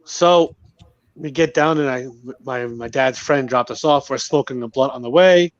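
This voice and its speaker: A man telling a rambling story to friends in casual chat, relaxed and swearing freely. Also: mid-range voice, moderate pace, dry recording. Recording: dull lo-fi, dry sound.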